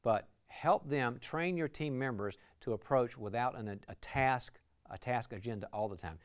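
A man's voice: mid-range voice, normal speed. A man giving a lecture on team relationships, enthusiastic, acting out short dialogues as examples. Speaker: leadership speaker. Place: lecture venue.

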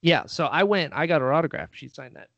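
A man's voice: fairly high pitch, expressive, quick pace, vocal fry, fairly bright tone, dry recording, dull audio. A man telling a story in casual chat, animatedly acting out what people said.

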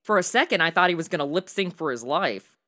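A woman's voice: lowish voice, expressive, fast talker, bright, forceful tone. A woman giving sassy, wisecracking comedic commentary as a co-host. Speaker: comic co-host.

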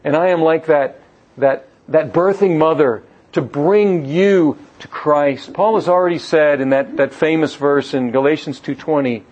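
An earnest man delivering sermon-style Bible teaching, his voice sitting a little high for a man. He often repeats a word as he restarts a phrase and turns to ask his listeners questions. The recording is dull and lo-fi. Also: measured pace, darkish tone. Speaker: preacher teaching on a Bible letter.

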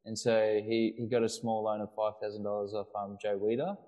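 A man's voice: lowish voice, flat delivery, fairly quick, mellow, rough recording. A man co-hosting a casual podcast, telling a long story with many restarts and fillers. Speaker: podcast co-host. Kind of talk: casual chat.

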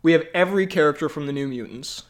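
A man's voice: fairly high pitch, quick pace. A young man co-hosting a podcast in casual chat, rambling and laughing often. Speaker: podcast co-host.

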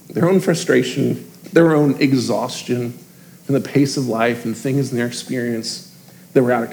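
Pastor, thirties, male, mid-pitched; earnest, conversational sermon with a confessional edge. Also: a little mellow, a little hiss or hum.

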